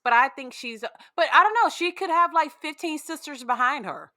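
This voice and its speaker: A woman's voice: high-pitched, fairly quick, crowd noise. A woman guesting on a podcast, chatting bluntly and swearing freely. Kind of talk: casual chat.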